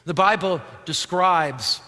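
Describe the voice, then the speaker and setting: A male pastor preaching a sermon, swinging from loud declaiming to a hushed near-whisper and asking his listeners rhetorical questions. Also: high-pitched, slow pace. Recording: long hall reverb.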